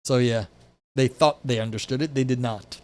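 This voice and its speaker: A man's voice: mid-range voice, steady tone, moderate pace, no echo. A young man on a live stream, reading philosophy aloud and reacting with wry, profane asides full of "like" and restarts. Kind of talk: casual live-stream commentary. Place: indoors at a desk by a window.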